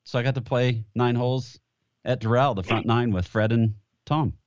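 A male sports radio host recounting a story plainly and calmly. His voice sits at a middle pitch, and the recording is very dry and dull, with no room sound and a muffled top end. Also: normal speed, clean tone, no echo. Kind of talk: casual sports radio chat.

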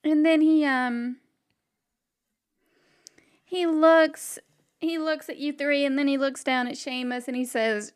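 A woman's voice: sits high, steady tone, slow, pauses often. A woman narrating a tabletop game as game master, with lots of fillers and laughter. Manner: laughing often, filler-heavy.

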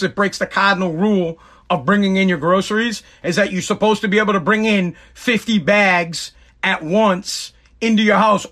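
A man's voice: sits high, bright, forceful tone. A man giving a sarcastic political rant to camera, mocking people by putting on exaggerated voices.

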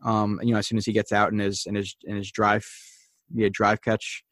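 A man's voice: lowish voice, monotone, normal speed, a bit bright, no echo, clean studio sound. A man hosting a show, casually breaking down football game film, thinking aloud with many fillers and restarts. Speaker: host.

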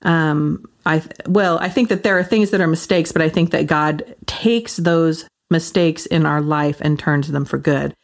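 A woman's voice: sits low, fairly even intonation, measured pace, hardly any pauses. A woman in her forties hosting a casual faith podcast, rambling with lots of fillers and frequent laughs. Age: 40s. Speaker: podcast host.

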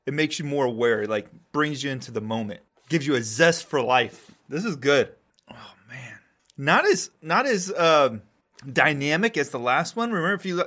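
A man's voice: fairly high pitch, a bit bright. A man in his forties, a podcast host talking casually and rambling, often repeating words as he thinks. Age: 40s. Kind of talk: casual chat.

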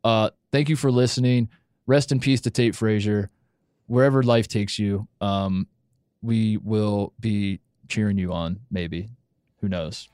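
A man's voice: lowish voice, fairly even intonation, a little slow, a little mellow, clean tone, no echo, clean studio sound. A young man hosting a casual podcast, rambling with lots of restarts and stammered repeats. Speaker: podcast host.

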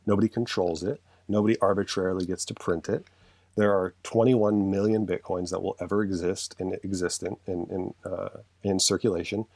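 A man with a deep, low-pitched voice speaks in a relaxed conversation. He argues his point with earnest passion, rambling and correcting himself as he goes. The sound is dry and close, with no room around it. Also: brisk, no echo. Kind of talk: casual conversational chat.

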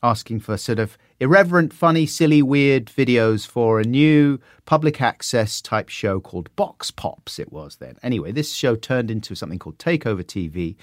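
A middle-aged man telling stories in an interview, animated and slipping into silly voices. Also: medium pitch, moderate pace, few pauses, no echo, clean studio sound. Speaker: podcaster guest. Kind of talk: conversational interview.

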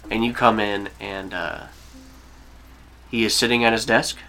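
Male game master, bright tone, rambling narration, faint music under. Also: on the low side, steady tone. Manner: rambling, halting, with fillers and laughs.

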